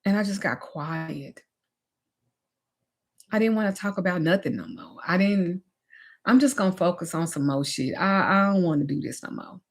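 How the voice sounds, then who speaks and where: A woman's voice: fairly low pitch, a little fast, vocal fry. Brief: female life coach, frank and emphatic, casual storytelling delivery. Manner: candid, emphatic, swings from animated to drained. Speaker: spiritual teacher and life coach. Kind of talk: personal storytelling in a teaching talk.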